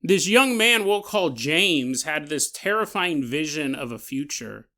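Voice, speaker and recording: A podcast host casually tells a strange story, joking and slipping into little acted-out scenes. He's animated, with a bright, forward voice of fairly high pitch, and he speaks unhurriedly.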